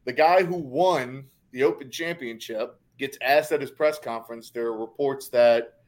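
A man's voice: medium pitch, normal speed. A man co-hosting a casual podcast, making dry wisecracks. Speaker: podcast co-host. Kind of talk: casual banter.

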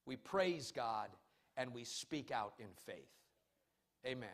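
A male pastor with a mid-range, expressive voice preaches a sermon in church at a slow pace, with long pauses. He moves between loud, emphatic calls and quiet, personal stories.

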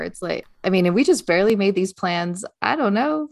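A woman's voice: mid-range voice, lively intonation, fairly quick, vocal fry, dry recording. Reflective woman with a dry, close sound. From United States. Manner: reflective, talks through her thoughts. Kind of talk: casual chat.

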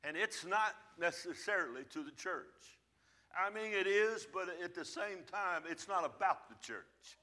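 A man's voice: high-pitched, expressive, a little slow, pushed and bright. A man preaching a sermon in church, emphatic and plain-spoken, his volume swelling and falling back. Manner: folksy, plain-spoken phrasing. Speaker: pastor.

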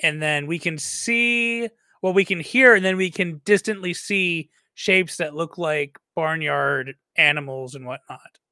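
A man's voice: on the high side, unhurried, few pauses, sharp tone, clear, resonant tone, no echo. A man playing a tabletop game, carefully summing up what the scene looks like. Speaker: player. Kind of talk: casual tabletop play.

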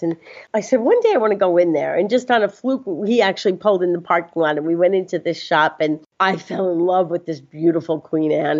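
A woman guest telling a personal story in a casual, animated way, often laughing and acting out what others said. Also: fairly low pitch. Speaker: interview guest. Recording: slightly dull lo-fi sound.

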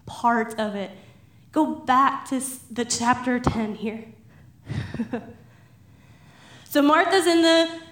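High-voiced young woman preaching, chatty and laughing, echoey room. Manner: chatty, laughing, acts out Bible figures in animated voices. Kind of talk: casual sermon.

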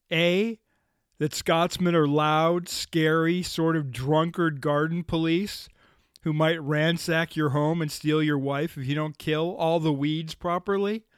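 A man hosts a podcast with scripted, sardonic commentary and a pointed, indignant edge. His voice sits a bit high for a man and sounds smooth and resonant. He is heard up close on a studio mic, and the sound is very dry. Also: no echo. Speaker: podcast host.

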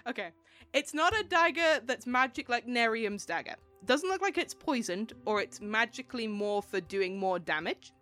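A woman's voice: a little high, expressive, normal speed, a bit bright, faint music behind. A woman running a tabletop game as game master, laughing often as she narrates.

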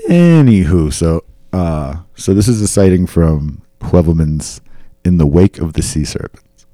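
Male podcast host, low-pitched, casual storyteller reading from notes, dry close mic. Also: animated, measured pace, warm tone, no echo. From New England. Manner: reads accounts aloud with asides and fillers.

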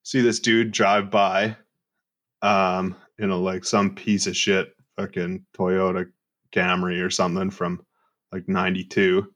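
Guy, low voice, swears a lot while telling annoyed stories on a casual podcast. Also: flat delivery, unhurried, fairly bright tone. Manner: profane, ranting, laughs at own stories. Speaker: podcast co-host. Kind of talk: casual chat.

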